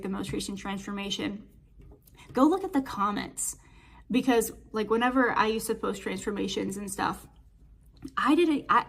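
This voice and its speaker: A woman's voice: mid-range voice, vocal fry. Give me a woman fitness coach telling a story in a chatty, filler-heavy motivational talk. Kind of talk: casual motivational monologue.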